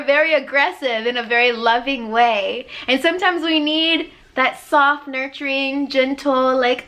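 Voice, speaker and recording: High, bright-voiced woman preaching hard. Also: normal speed, hardly any pauses. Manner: emphatic and preachy, acting out God's voice with loud high swoops; repetitive, conversational, with frequent "like". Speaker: life coach and podcast host. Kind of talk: motivational spiritual talk.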